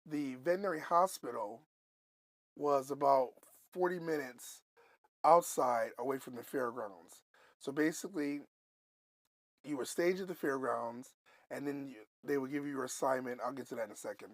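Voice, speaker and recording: A man from Buffalo, New York telling a story on a podcast, animated and loose, swearing and going off on asides. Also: medium pitch, normal speed, no room sound. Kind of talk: casual storytelling.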